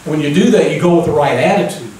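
Male preacher, slightly high voice, folksy sermon style, recorded from a distance in a very echoey sanctuary. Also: fast, a little mellow, a little hiss or hum. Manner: folksy, keeps asking the crowd "amen?". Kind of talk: conversational sermon. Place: church sanctuary. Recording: echoey church room, mic at a distance.

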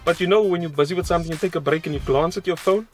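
Fast-talking young South African man. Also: on the high side. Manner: excitable, rambling storyteller. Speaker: vlogger. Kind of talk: casual storytime vlog. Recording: background music under voice.

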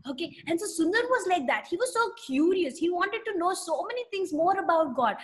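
Her pitch is extremely high and her pace fairly quick. This children's Sunday school teacher narrates a story on a video call, lively throughout, quizzing the children and doing character voices.

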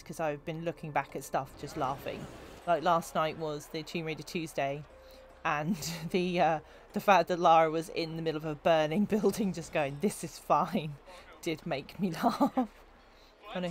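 A woman's voice: deep voice, a little hiss or hum. Giggly woman streaming a game. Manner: chatty, giggly, chatting with viewers. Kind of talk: casual gameplay commentary.

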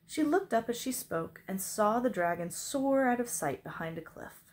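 A woman reading a children's novel aloud, expressive. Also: a little high, normal speed. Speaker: reader.

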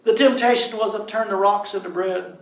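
High-voiced preacher in an echoey room. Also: male voice, moderate pace, creaky, far from the mic. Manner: lively, prompts the congregation to answer, joking asides. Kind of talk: sermon with call-and-response.

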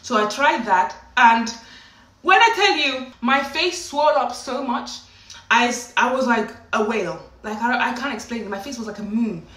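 A woman vlogger tells her story in a lively, dramatic way, her voice a little high and bright. The sound carries a roomy echo from a mic set back at a distance. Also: moderate pace. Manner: animated, dramatic, often laughing. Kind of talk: casual storytelling to camera.

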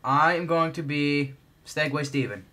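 A young man casually chatting while playing a game with a friend, excitable and prone to yelps and shouts. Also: a little high, a little slow. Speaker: gamer co-host. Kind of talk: casual gameplay chat.

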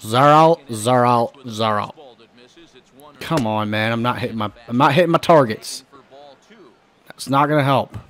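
A hoarse man giving casual, excitable commentary while playing a baseball video game, often swearing and shouting at the players. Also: mid-range voice, moderate pace, long pauses. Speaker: gaming channel host.

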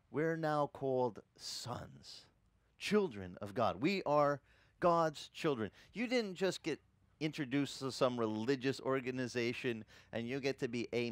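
Animated Sicilian-American pastor preaching. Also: male voice, medium pitch, dry recording. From Sicilian family. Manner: animated storytelling preacher, asks the congregation questions. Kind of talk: sermon.

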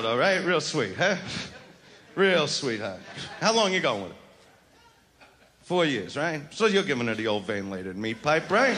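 A brash male stand-up comic taunts the front row in a big theater, his voice sitting high and swinging widely in pitch. A loud, laughing audience and heavy noise fill this live concert recording. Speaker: stand-up comedian. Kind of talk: crude stand-up routine with crowd work.

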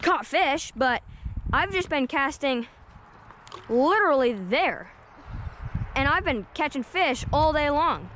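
A woman vlogging while fishing outdoors at a lake, excitable and keeps calling out to viewers. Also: high-pitched, slow pace, pauses often, slight background noise. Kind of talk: excited outdoor vlog commentary. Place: outdoors at a lakeshore.

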